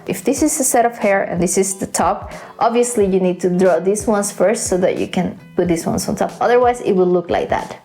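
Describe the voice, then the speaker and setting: A woman's voice: mid-range voice, very animated, a little fast, mellow, soft background music. A woman hosting a casual drawing tutorial, chatty and playful, with self-mocking asides. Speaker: art tutorial host.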